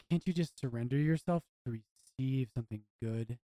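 Earnest man with a mellow voice. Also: medium pitch, normal speed, dry recording. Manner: earnest, searching, restarts phrases. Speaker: priest co-host. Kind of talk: reflective podcast conversation.

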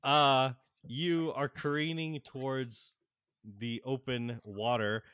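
Game master, male, slow and halting, bright dry voice. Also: medium pitch, fairly even intonation, clear, resonant tone, dry recording. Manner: halting, lots of fillers, laughs often. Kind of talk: narrating a tabletop game.

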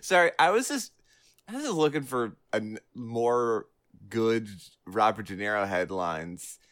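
A man's voice: on the low side, animated, measured pace, a bit bright, no echo, clean studio sound. A man co-hosting a casual chat, rambling and cutting himself off as he laughs. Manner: rambling, self-interrupting, laughing. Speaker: podcast co-host.

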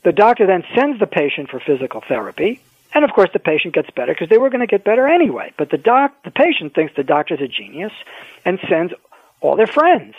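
A man, an orthopedic surgeon, telling wry stories in a measured way as a guest in an interview. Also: sits high, very animated, husky, no echo. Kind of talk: phone-in interview, storytelling. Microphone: telephone. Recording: tinny phone line.

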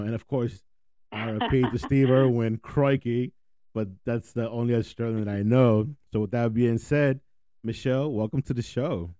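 A man's voice: mid-range voice, steady tone, normal speed, dark tone, smooth, dry recording, studio quality. A man hosting a podcast in casual, slangy chat from the United States, laughing easily. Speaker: podcast host.

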